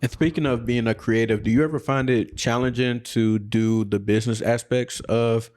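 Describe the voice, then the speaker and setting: A man hosting a podcast interview, asking relaxed, conversational questions. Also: mid-range voice, normal speed. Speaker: podcast host. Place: photography studio.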